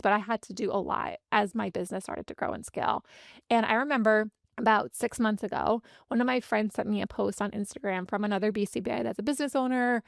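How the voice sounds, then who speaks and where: Earnest woman with a gravelly edge. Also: medium pitch, steady tone, no room sound, clean studio sound. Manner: earnest, heartfelt, speeds up and slows down for emphasis. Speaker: podcast host and business coach. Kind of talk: candid motivational podcast monologue.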